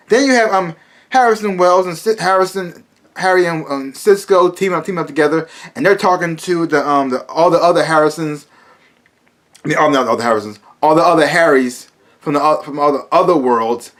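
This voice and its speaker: A man's voice: high-pitched, a bit bright. A man casually reviewing a TV episode, rambling with many restarts and fillers and breaking into exasperated asides.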